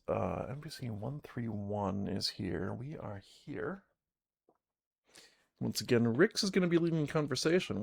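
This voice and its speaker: A man narrating his solo fantasy tabletop game for a live stream, reading out the game text and musing about his moves in a chatty way. His voice is gravelly, with a lively, moving pitch. The sound is close and dry. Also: no echo. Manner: chatty, reads game text aloud and muses to himself.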